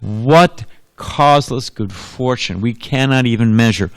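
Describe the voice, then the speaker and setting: A man's voice: mid-range voice, unhurried, no echo. A man giving a temple sermon as a monk, telling anecdotes, laughing often and putting questions to his audience. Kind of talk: storytelling sermon.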